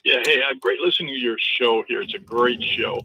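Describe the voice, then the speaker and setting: A man's voice: medium pitch, brisk, slight background noise. A man calling into a sports radio show, agitated and talking over the host, heard over a phone line. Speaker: caller. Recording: muffled phone call on air.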